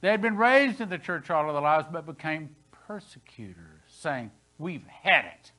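A man in his sixties preaching a sermon as pastor, with dramatic swings between loud and hushed delivery. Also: on the high side, sing-song, normal speed, low-quality recording. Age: 60s. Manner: dramatic preaching, voice rising and falling sharply. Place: church sanctuary.

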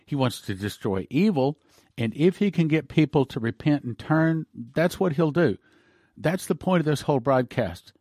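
A male broadcast preacher at an ordinary middle pitch, talking in a loose, rambling way that doubles back on itself. He makes a heartfelt appeal to his listeners. The recording is close and dry, with no room sound. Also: darkish tone, no echo. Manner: rambling, with restarts and emotional asides. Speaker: host of a prophecy ministry broadcast. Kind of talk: informal preaching and fundraising appeal.

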